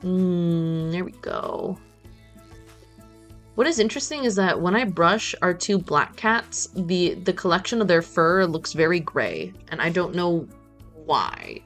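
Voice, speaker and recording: A woman's voice: on the low side, sing-song, moderate pace, fairly bright tone, soft background music. A woman streamer chatting playfully while she plays, talking to the game as she goes. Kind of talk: casual gameplay chat.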